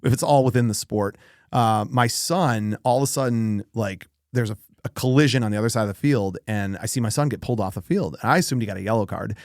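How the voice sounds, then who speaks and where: Man, middle-aged, podcast co-host, animated storyteller, dry sound. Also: fairly low pitch, fast talker, no room sound. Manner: animated, swears, acts out quoted people.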